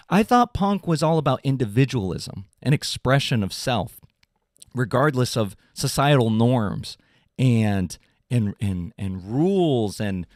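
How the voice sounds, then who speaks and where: A young adult man, a podcast host, ranting in an animated, casual, swearing way. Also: no echo, clean studio sound. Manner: animated, swearing, mocking voices in high pitch. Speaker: drummer in a pop punk band. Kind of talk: casual comedic rant.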